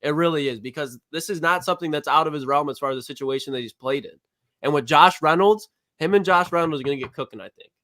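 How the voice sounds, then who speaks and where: A young man co-hosting a sports podcast in casual, excitable chat, laughing often and ribbing his co-host. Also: a little high, quick pace, no echo. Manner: excitable, laughs often, trash-talking banter.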